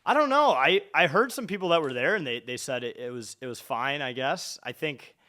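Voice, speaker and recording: A man from Minnesota hosting a casual interview, upbeat and jokey with quick reactions. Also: fairly high pitch, animated, bright, forceful tone. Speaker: podcast host.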